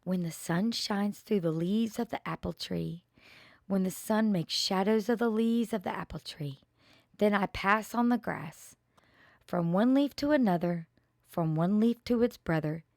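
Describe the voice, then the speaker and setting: An older woman reading children's poems aloud in a slow, expressive way, with playful asides. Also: mid-range voice, creaky, no room sound, studio quality.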